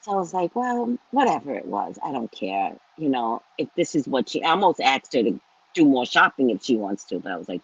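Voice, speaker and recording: A middle-aged woman hosting her own show, telling a story to viewers in a chatty, animated way with asides and the odd swear word. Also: very deep voice, fairly quick, breathy edge, no room sound, lo-fi sound. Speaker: psychic reader and show host.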